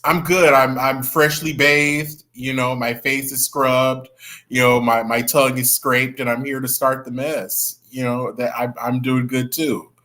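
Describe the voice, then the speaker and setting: Young male livestream host, unhurried, bright tone, gossipy and chatty. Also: mid-range voice, little pitch movement. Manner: chatty, greets viewers by name, gossipy. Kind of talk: casual livestream chat.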